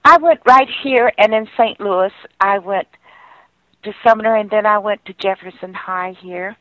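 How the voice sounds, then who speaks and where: A woman's voice: medium pitch, a little slow, no echo. An older woman, a singer and pianist, telling heartfelt, rambling stories from her past in a radio interview. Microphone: phone line. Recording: tinny dry phone line.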